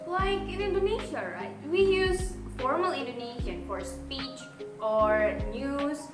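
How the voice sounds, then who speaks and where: High-voiced young woman hosting, echoey room. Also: slow. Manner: explains topics and asks the others questions. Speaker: podcast host. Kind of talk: casual podcast discussion. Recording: echoey room with music behind.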